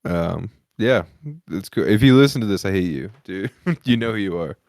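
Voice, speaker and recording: A man's voice: low voice, lively intonation, normal speed, vocal fry, darkish tone, no room sound, clean studio sound. A man hosting a comedy podcast, telling crude, profane stories in casual chat and laughing often as he talks.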